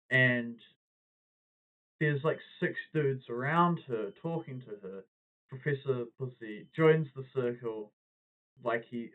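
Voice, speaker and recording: Over a thin, phone-like recording, a man spins a casual story, jumping into the lines people said along the way. His voice sits at an ordinary middle pitch, and the delivery stays loose and conversational. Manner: animated anecdote-telling, acting out quoted lines. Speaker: podcast host. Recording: tinny phone-like audio.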